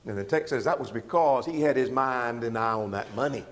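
A man preaching an expository sermon, walking through verses with emphatic, animated delivery. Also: mid-range voice, brisk, long reverb tail. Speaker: pastor.

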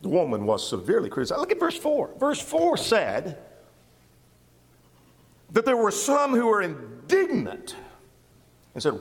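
A man preaching an expository sermon, walking through verses with emphatic, animated delivery. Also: high voice, a little slow, vocal fry, pauses often, in a large hall. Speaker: pastor.

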